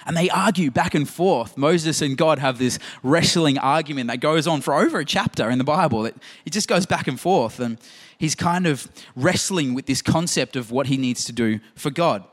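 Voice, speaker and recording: A man's voice: fairly high pitch, moderate pace. A man preaching a sermon in a conversational, emphatic way, full of rhetorical questions. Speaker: pastor.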